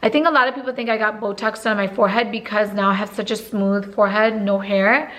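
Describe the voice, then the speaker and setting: A woman's voice: medium pitch, steady tone, quick pace, fairly bright tone. A woman in her twenties talking casually to camera as a beauty vlogger, chatty and full of fillers.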